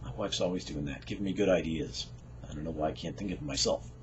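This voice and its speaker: A man's voice: deep voice, fast talker, highs cut off, slight background noise. A man casually telling a personal faith story in a conversational, folksy way. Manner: conversational, folksy, with fillers and chuckles. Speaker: storyteller sharing a faith testimony.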